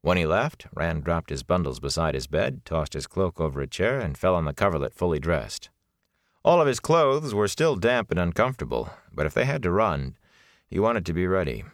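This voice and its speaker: A man with a very deep voice narrates a fantasy audiobook, measured yet lively in pitch as he tells the story. The recording is close and dry, with no room sound. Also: no echo.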